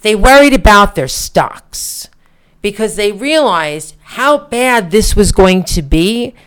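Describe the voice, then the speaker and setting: A woman's voice: mid-range voice, expressive, takes it slowly, clear, resonant tone. A woman co-hosting a political podcast, talking in an indignant, emphatic way with rhetorical questions. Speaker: podcast co-host.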